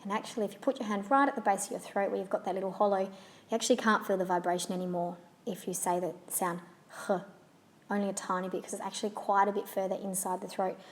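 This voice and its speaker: A woman who grew up guides learners through French sounds. She talks in a calm, even teaching voice at a middle pitch and says each example word slowly and carefully, more than once. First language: English. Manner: patient, repeats model words slowly and carefully. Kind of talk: slow, clear pronunciation lesson.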